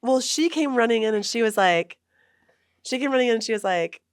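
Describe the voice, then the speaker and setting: A young adult woman telling a hiking story in a casual interview, animated and acting out what people said. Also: on the high side, a little fast, no echo, studio quality. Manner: animated, retells arguments with lively quoted voices. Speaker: guest, long-distance hiker.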